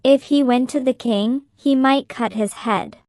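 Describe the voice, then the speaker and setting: Slow, clear woman reading a story. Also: high voice, darkish tone, no room sound, clean studio sound. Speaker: narrator. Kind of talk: slow graded-reader story narration.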